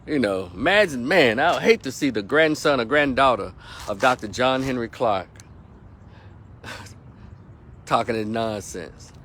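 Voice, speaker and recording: A man rants through a fired-up political commentary, swearing freely and repeating key phrases for stress. His voice sits at an ordinary middle pitch, with the faint hum of passing traffic somewhere behind him. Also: lively intonation, unhurried, pauses often, fairly bright tone. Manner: heated, profane, emphatic, repeats points for stress. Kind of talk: ranting opinion vlog.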